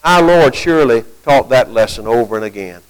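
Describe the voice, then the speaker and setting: A man preaching a sermon in a conversational way, asking rhetorical questions and climbing higher and louder when he quotes scripture. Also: animated, a little fast, smooth, low-quality recording.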